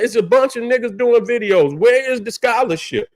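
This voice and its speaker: A man's voice: extremely high pitch, lively intonation, moderate pace. A man rants on a livestream. He is heated and profane, repeats his points and keeps firing rhetorical questions at his listeners. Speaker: livestream host. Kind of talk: heated casual rant.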